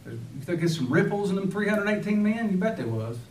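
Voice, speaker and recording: Preacher, male, fervent sermon delivery with rhetorical questions, slightly high voice, caught from a distance. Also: big pitch swings, brisk, slight background noise. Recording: echoey room, voice from far off.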